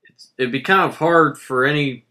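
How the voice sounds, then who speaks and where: A man's voice: mid-range voice, normal speed, sharp tone. Offhand young man, casual chat. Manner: loose and offhand, leans on "like". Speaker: podcast co-host.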